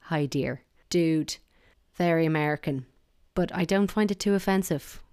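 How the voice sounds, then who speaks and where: A woman's voice: lowish voice, steady tone, moderate pace, darkish tone, clean tone, no echo, studio quality. An Irish woman talking casually and wryly, giving her opinions in a chatty monologue.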